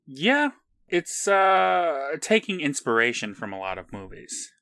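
A man's voice: fairly high pitch, very animated, measured pace, pushed and bright, no room sound. A man co-hosting a podcast in casual chat, with a dry, wry humor. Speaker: podcast co-host.

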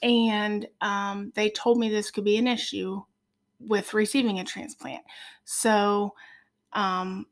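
A woman from Ohio, a podcast guest, tells her faith story in an earnest, heartfelt way with many pauses. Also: medium pitch, flat delivery. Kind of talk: personal faith testimony.

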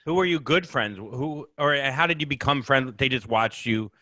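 Comedian guy hosting a podcast, bright tense voice, dry close sound, kinda rambly. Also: medium pitch, dry recording. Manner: rambling, halting, many fillers. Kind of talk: casual podcast chat.

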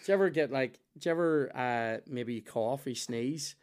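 A man, hosting a podcast and telling animated, sweary stories in casual chat. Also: mid-range voice, normal speed, clear, resonant tone. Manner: animated, sweary, acts out voices in his stories. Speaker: podcast host.

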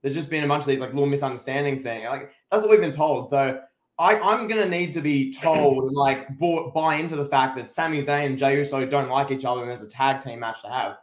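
A man's voice: medium pitch, a little fast. Opinionated man in an echoey room. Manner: opinionated, emphatic, many restarts. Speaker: podcast co-host. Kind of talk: casual wrestling recap chat.

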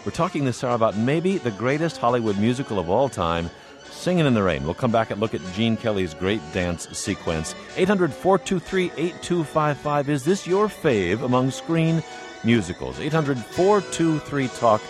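A man hosting a call-in radio discussion, measured and conversational, prompting his guests. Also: medium pitch, lively intonation, music in the background. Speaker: radio talk show host.

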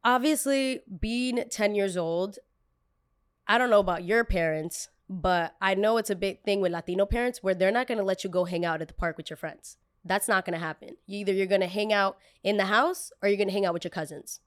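A woman's voice: mid-range voice, a little fast, smooth, no echo, clean studio sound. A young woman from a Colombian family in the United States, telling stories about her childhood on a casual podcast, full of "like" fillers and blunt swearing. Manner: chatty, frequent "like" fillers, swears freely. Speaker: podcast host. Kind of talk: casual storytelling.

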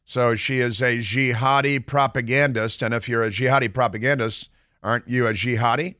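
A man's voice: medium pitch, fairly even intonation, normal speed, bright, forceful tone, dry recording. Combative male radio host, dry studio sound. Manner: combative and mocking, with sarcastic asides. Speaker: radio talk show host. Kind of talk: opinionated radio commentary. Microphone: studio microphone.

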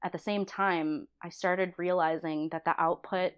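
A woman in her thirties talks casually as a podcast guest, recalling her early career. Her voice sits a little low and sounds smooth and clear. She tells stories animatedly, laughing and slipping into the voices of the people she quotes. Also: fairly even intonation, measured pace. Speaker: interview guest, storyboard artist. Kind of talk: casual chat.

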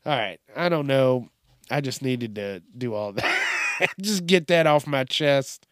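This podcast host's mid-range voice is animated and a little slow, recorded dry and clean through a studio microphone. Hosting a casual solo show, he rambles and curses with a slight Southern twang and laughs frequently.

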